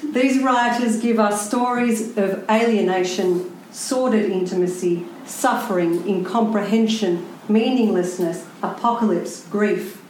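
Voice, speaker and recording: A woman's voice: medium pitch, fairly even intonation, measured pace, darkish tone, slight background noise. Woman writer at a lecture, wry and pointed, heavy room echo. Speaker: writer giving a talk. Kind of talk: prepared public talk. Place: room with a live audience. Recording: very echoey room.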